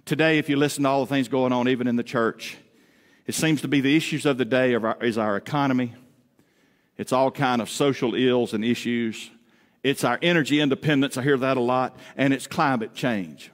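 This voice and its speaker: A man in the pulpit delivering a Father's Day sermon, his voice sitting in an ordinary middle range. He mixes homespun family stories and humor with emphatic rises and hushed drops. The sound carries a long reverb from the church hall. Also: medium pitch, fairly quick. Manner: folksy storytelling with humor; emphatic, swings between loud rises and quiet drops. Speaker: pastor. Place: church sanctuary.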